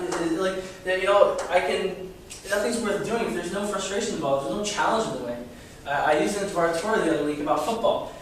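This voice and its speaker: This young student lecturer has a high-pitched, slightly bright male voice, and he runs a casual class before live students, chatting, posing rhetorical questions, and frequently tripping over and repeating his words. Recorded from a distance in an echoey classroom, with faint hiss or hum.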